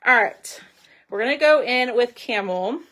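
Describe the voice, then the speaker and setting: Middle-aged woman, slightly high voice, friendly livestream craft host who talks through her steps and reads viewer comments. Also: lively intonation, a little slow, pushed and bright. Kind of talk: casual craft livestream chat.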